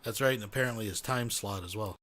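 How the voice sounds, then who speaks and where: A man's voice: fairly low pitch, fast, a bit bright. A man hosting a commentary show, mocking the clip he is reacting to and swearing heavily. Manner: profane and mocking. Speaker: commentary host. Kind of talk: sarcastic commentary.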